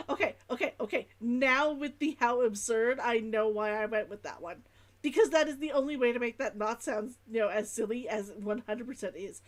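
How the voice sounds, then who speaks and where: A woman's voice: on the high side, brisk. A woman streamer chatting casually through a game, giggly and laughing often. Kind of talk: gaming livestream chat.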